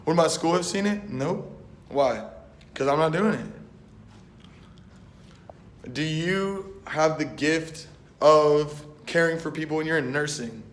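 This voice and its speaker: A young man, a Christian rapper, gives a casual faith talk full of slang, retelling a Bible story and acting out its voices with words like "boom" and "bet." He speaks slowly and animatedly, pausing often, and the recording has a roomy echo.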